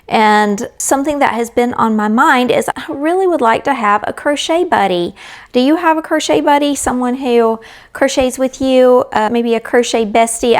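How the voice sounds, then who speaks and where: A middle-aged woman chatting casually as a crochet vlogger, rambling in a friendly way and talking straight to her viewers. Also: medium pitch.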